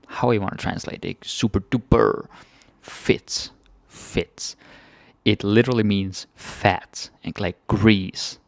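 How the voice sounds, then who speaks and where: Gravelly Danish man teaching phrases. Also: fairly low pitch, no room sound. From Denmark. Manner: repeats phrases slowly, then explains casually. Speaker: language teacher. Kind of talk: casual language lesson.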